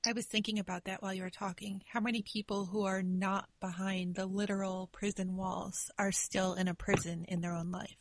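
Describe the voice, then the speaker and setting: A woman hosting an interview in a mid-pitched voice. She encourages her guest warmly and reflects thoughtfully on the story. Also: flat delivery, a little fast, hardly any pauses. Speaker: host. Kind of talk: casual interview chat.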